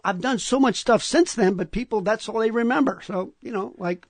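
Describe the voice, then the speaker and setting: A man from Staten Island, telling a story as a podcast guest in an animated way, stammering and restarting. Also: high voice, normal speed, no room sound. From Staten Island, New York. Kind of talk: storytelling in a casual interview.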